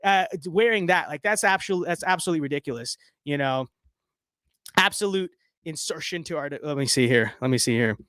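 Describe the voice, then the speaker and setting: A man's voice: fairly high pitch, animated, fairly quick, a bit bright, no room sound, studio quality. A man ranting on a live stream, reading chat comments aloud with heated sarcasm and frequent restarts.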